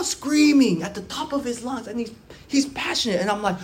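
In a roomy-sounding space, a preacher with a mid-range voice speaks at normal speed. His sermon is conversational and story-driven, animated with shifts from soft to loud, and full of repeated and restarted phrases.

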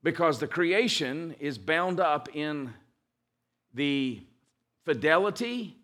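A man preaching a sermon, reading scripture aloud with emphatic, slowed stress on key words and frequent restarts. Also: a little high, expressive, a bit bright. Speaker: pastor.

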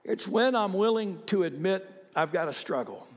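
A male pastor telling a story in a sermon, animated, climbing to high shouts at the peaks and dropping to soft whispers. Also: normal speed. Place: church sanctuary. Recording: long reverb of a large hall.

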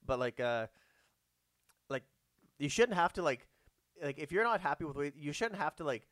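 A man's voice: a little high, animated, normal speed, a bit bright, dry recording, clean studio sound. Rambling man, full of fillers. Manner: rambling, many "like" fillers and restarts. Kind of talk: casual chat about movies.

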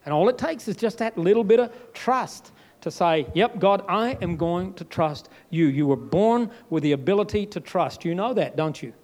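High-voiced man preaching with emphatic swings. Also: lively intonation, moderate pace. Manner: emphatic, with sudden jumps and drops in pitch and loudness. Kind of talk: sermon.

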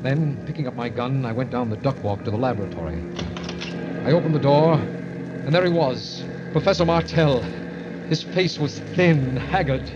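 A man's voice: medium pitch, moderate pace. A man narrating and acting in an old radio drama, tense and fearful. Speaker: narrator and lead character. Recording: dull old radio play recording with music.

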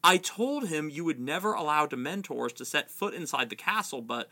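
A man's voice: a little high, expressive, normal speed, sharp tone, full character voice. A man voicing a furious older female professor of magic from a novel. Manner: fuming, strained.

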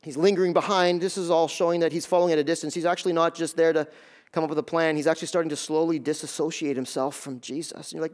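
A man preaching a sermon, animated and conversational, acting out scenes and talking straight to his listeners. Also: fairly high pitch, quick pace. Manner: animated, acts out scenes in quoted voices; conversational, talks straight to the audience. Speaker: pastor.

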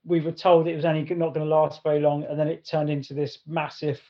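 A man's voice: on the high side, level tone, fast. A man co-hosting a podcast, telling a story casually in a rambling way, full of restarts. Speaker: podcast co-host. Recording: dull lo-fi sound.

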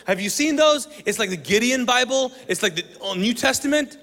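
A man telling a personal testimony to an audience, animated and comic as he acts out the dialogue. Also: very high-pitched, a little fast, big-room sound. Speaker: speaker sharing a testimony.

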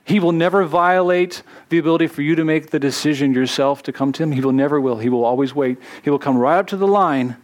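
A man, a pastor, preaching a sermon in an earnest way, slowing down to stress key words. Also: a little high.

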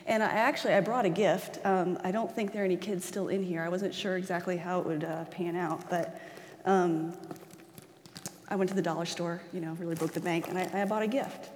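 A woman giving a conversational sermon, animated and chatty, acting out quoted voices and laughing easily. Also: fairly low pitch, brisk, slight background noise. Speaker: preacher. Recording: church hall reverb.

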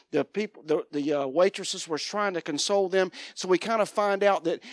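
A man's voice: high-pitched, no room sound, clean studio sound. Fervent man preaching an offering appeal. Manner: earnest, builds to fervent prayer. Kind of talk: sermon with personal testimony. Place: church.

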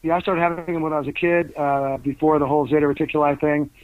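Older male guest, fast rambling storyteller, slightly high voice, tinny phone-like line. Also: flat delivery. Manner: rambling, anecdotal, lots of fillers and restarts. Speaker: author and guest. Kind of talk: casual interview storytelling. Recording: tinny phone-like dry sound.

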